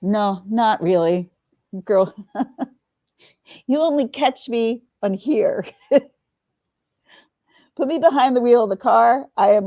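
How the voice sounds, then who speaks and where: A woman's voice: a little high, warm tone, no echo, highs cut off. A woman in her forties talking candidly to camera, teary at times and swearing freely. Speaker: vlogger. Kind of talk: emotional confessional talk to camera.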